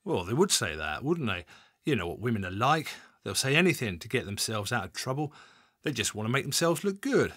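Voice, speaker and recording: A man reading an audiobook, voicing a smug, leering male criminal suspect who talks in a low, chatty, oily way. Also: very animated, a little fast, fairly bright tone, husky, dry recording, studio quality. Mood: taunting.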